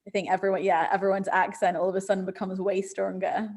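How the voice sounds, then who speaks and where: A woman speaks as a panel guest over a video call. She talks in a flat, even tone and rambles with lots of fillers. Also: mid-range voice, fast talker. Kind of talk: casual discussion.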